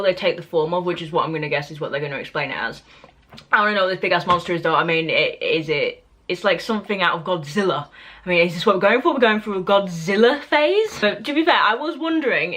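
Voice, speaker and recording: A young woman with a British accent talks straight to camera in a casual review vlog, her voice sitting a bit low. She is opinionated and loose, full of fillers, restarts and asides. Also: fairly bright tone. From Britain. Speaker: book and TV reviewer.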